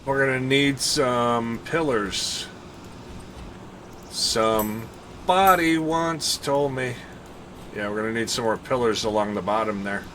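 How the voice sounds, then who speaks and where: Bright-voiced chatty man streaming a game. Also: mid-range voice, fairly even intonation, moderate pace, few pauses, a little hiss or hum. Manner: chatty, thinks out loud and counts aloud, laughs often, talks to viewers. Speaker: live streamer. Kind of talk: casual gameplay commentary.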